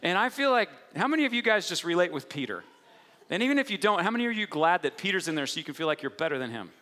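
Animated preacher in an echoey hall. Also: male voice, high-pitched, fast. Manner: animated, playful storytelling with bursts of acted quotes. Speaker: pastor. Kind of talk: sermon. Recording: echoey hall with long reverb.

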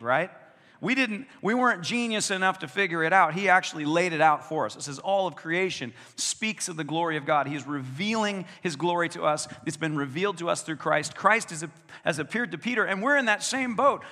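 A man preaching a sermon in a conversational, animated way, asking the congregation questions. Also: sits high. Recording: long hall reverb.

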